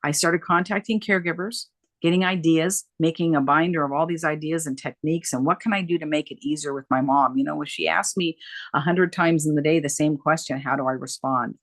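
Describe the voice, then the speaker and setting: Speaking briskly, this middle-aged guest, a dementia care coach, shares stories in a conversational interview, emphatic and animated, repeating phrases to drive them home. The recording is close and dry with no room echo, and her pitch is ordinary for a woman.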